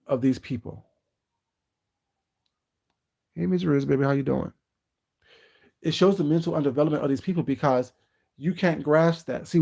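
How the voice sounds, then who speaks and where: A man's voice: a little high, vocal fry, darkish tone. Sassy, emphatic live-stream commentator man. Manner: sassy, emphatic, drawn-out rhetorical questions.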